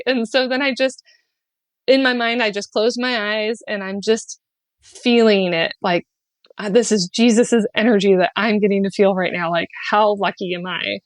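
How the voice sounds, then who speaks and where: A woman's voice: mid-range voice, moderate pace, dry recording. Earnest woman telling a heartfelt story. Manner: earnest and heartfelt, speaking with many "like" fillers; animated when acting out quotes, often laughing. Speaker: podcast guest, spiritual guide. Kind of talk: personal storytelling in a podcast conversation.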